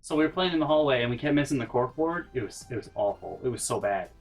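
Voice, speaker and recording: An animated young man tells stories straight to camera in a casual vlog, jumping into little voices and sound effects as he goes. His pitch sits right in the middle for a man, and faint music plays quietly beneath him. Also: fast. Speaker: vlogger telling college stories.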